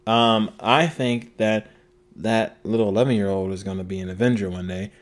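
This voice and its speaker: A man's voice: fairly low pitch, fairly even intonation, moderate pace. A man co-hosting a podcast who reacts to stories in a playful, teasing way. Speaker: podcast co-host. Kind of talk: casual podcast chat.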